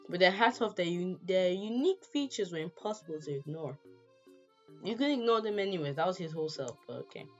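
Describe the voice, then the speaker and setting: A woman with a fairly low voice reads a game's story aloud and drops in joking asides. The recording sounds dull and lo-fi, with faint music under her. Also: lively intonation, a little fast, darkish tone. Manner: playful asides with laughter. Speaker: gamer. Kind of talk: let's play, reading a visual novel aloud.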